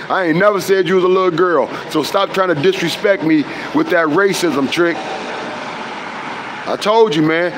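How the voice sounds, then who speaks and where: A man's voice: high-pitched, a bit bright, a little hiss or hum, low-quality recording. A man delivering a heated, confrontational rant as an online commentator. He swears constantly and often trails into fillers mid-sentence. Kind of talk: heated direct-to-camera rant.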